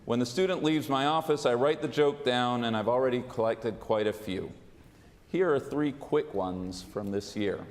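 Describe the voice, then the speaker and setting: A man, a rabbi, giving a sermon in a measured, deliberate way with dry humor, in a large synagogue sanctuary on a pulpit microphone. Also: mid-range voice. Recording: long reverb of a large sanctuary.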